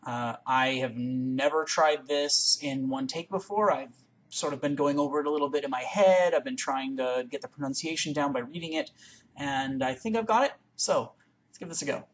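A woman reading a poem aloud in one take into a webcam, with careful, deliberate, word-by-word recitation. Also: a bass voice, slight background noise. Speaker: reader.

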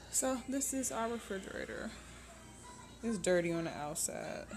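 A woman's voice: a little high, animated, normal speed, music in the background. Chatty woman narrating her home chores. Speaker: family vlogger. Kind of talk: casual home vlog. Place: home kitchen and laundry room.

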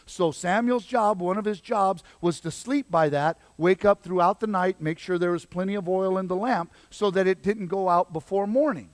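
A man preaching a sermon as pastor, swinging between loud exhortation and quiet emphasis. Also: sits high, no room sound.

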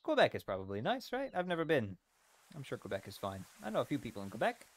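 A young Canadian man streaming a farming game, chatting casually with viewers, excitable and apologetic, sometimes shouting. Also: medium pitch, fast talker. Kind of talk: casual live-stream chat. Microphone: desk mic.

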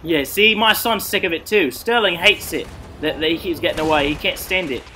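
A man streaming an online game, giving excited, profane play-by-play commentary and trash-talking the enemy team from his desk mic. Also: fairly high pitch, fairly quick, soft background music. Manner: trash-talking, profane, hyped, swings between mutters and shouts. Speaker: gameplay streamer. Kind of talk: excited live gameplay commentary. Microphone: desk mic at a gaming setup.

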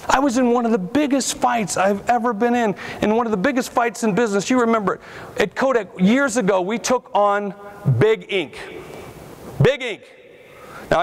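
A man giving a conference keynote on stage, telling stories in a brash, punchy way and bursting into shouts. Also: sits high. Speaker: keynote speaker. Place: conference hall before a live audience.

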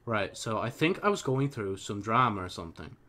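A young gaming channel host runs a let's play, mumbling casually as he reads chat messages aloud, types, comments, and swears freely. His fairly low voice is very animated, brisk, pushed, and bright.

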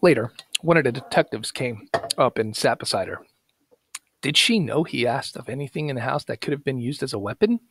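A man with a gravelly voice reading a short story aloud at a steady pace. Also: medium pitch, a little fast, a little hiss or hum. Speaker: narrator. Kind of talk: read-aloud story narration.

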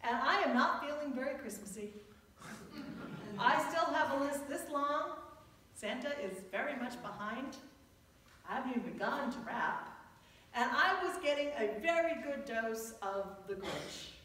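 A woman's voice: high-pitched, lively intonation, fairly bright tone, slight background noise. A woman pastor preaching a sermon, telling stories with humor and leaning into phrases. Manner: storytelling with humor, drawn-out emphatic phrases. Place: church sanctuary. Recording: echoey church heard from a distance.

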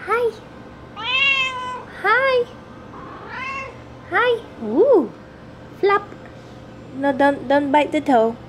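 Young woman, high and very unhurried, doting pet-owner baby talk, cat meows behind. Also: very animated, a little hiss or hum. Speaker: vlogger. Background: cat meowing.

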